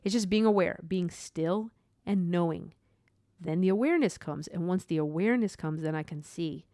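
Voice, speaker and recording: A woman talking through her own faith podcast, earnest and meandering, full of "like" and side thoughts. Her voice is smooth and clear, recorded close and dry with no room sound. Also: fairly low pitch, moderate pace, warm tone, dry recording. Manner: earnest, rambling, with many asides and "like". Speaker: podcast host. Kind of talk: personal faith podcast monologue.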